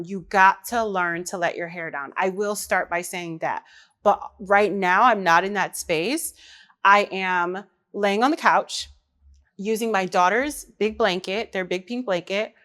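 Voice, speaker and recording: A woman, a mother, hosting her own podcast in casual chat, talking lively and straight to the women listening. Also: mid-range voice. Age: adult mother. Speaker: podcast host.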